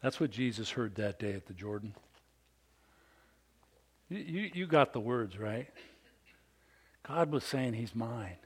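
A middle-aged man preaching a sermon in a conversational storytelling style, moving from loud emphatic bursts to hushed, almost whispered lines. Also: medium pitch, animated, unhurried, pauses often, husky. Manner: conversational, with restarts and storytelling asides. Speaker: pastor.

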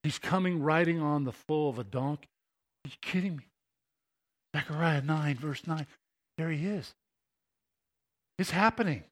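A man preaching a sermon as pastor, talking conversationally and building to impassioned emphasis. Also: a little high.

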